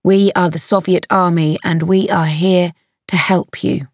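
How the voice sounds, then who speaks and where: A woman voicing a gentle young male soldier in an audiobook, speaking slowly and carefully. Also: lowish voice, steady tone, dry recording, studio quality. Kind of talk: audiobook reading.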